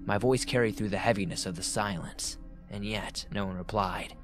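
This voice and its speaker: A man narrating horror stories in a steady reading voice that drops to a hushed tone in tense parts. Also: lowish voice, moderate pace. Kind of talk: scripted horror story narration. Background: faint background music.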